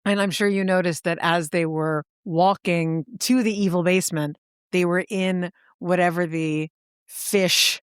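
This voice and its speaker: A woman's voice: lowish voice, fairly even intonation, a little slow, clear, resonant tone, no room sound, clean studio sound. A woman co-hosting a podcast, chatting casually and acting out movie dialogue with lots of "like" and "dude.". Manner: chatty, says "dude" and "like", acts out quoted dialogue. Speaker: podcast co-host. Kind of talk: casual movie rewatch chat.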